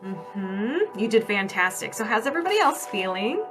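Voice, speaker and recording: A woman's voice: medium pitch, sing-song, normal speed, hardly any pauses, music in the background. A woman energy healer on a casual livestream, chatty and upbeat, asking and answering her own yes-no questions. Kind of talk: casual livestream healing session.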